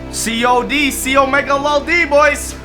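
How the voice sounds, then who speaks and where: A young man streaming games live, chatting casually and excitedly to his viewers and joking as he goes. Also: very high-pitched, a little slow. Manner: excitable, joking, keeps calling viewers boys and lads. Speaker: gaming streamer. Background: game and trailer music.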